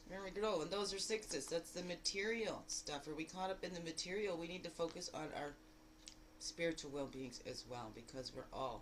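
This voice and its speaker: A woman giving a daily spiritual card reading in a lively, exclamatory way, full of rhetorical questions and repeated phrases. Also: slight background noise, poor audio. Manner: animated, jumping between loud bursts and low asides. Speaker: spiritual guide.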